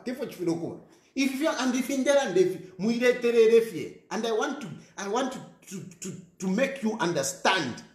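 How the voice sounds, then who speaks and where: A man with a Zambian accent giving an animated social media rant, scolding and mixing English with a local language. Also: extremely high pitch, reverberant.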